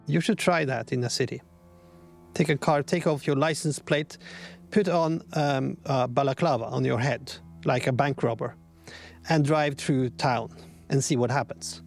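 Gravelly man, sardonic and deliberate. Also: mid-range voice, soft background music. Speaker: interviewee.

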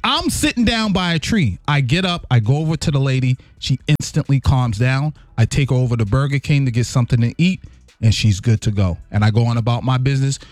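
A man's voice: mid-range voice, fairly quick, no room sound. A man co-hosting a radio show, earnestly telling personal stories in casual chat. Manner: animated storyteller, earnest. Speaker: radio co-host.

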